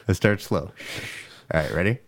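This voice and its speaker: A man's voice: low voice, slow pace. A man hosting a podcast, talking in crude casual banter and goading his co-host.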